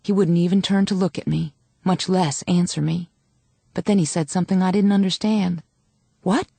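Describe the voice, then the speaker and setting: A woman narrating a dramatic audiobook in a measured first-person reading. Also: lowish voice, steady tone, gravelly, warm tone, no echo.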